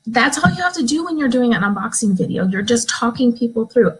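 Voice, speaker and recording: Talking straight to new recruits, this woman runs a live video training for her direct sales team in an upbeat, encouraging way, acting out excited examples. Her voice is a little high, slightly rough, and a bit quick. The phone or webcam stream sounds rough.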